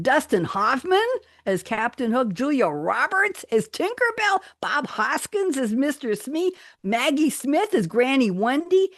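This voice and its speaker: Woman host, lowish voice, dry close sound, lively chatty storyteller who laughs as she goes. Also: dry recording. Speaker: radio show host. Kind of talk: casual chat. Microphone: studio microphone.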